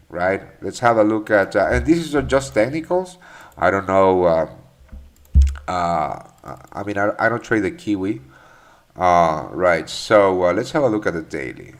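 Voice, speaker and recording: A man's voice: sits low, lively intonation, unhurried. A man hosting a live trading stream, answering chat questions in a loose, profane way with many fillers and restarts. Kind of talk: casual live market commentary.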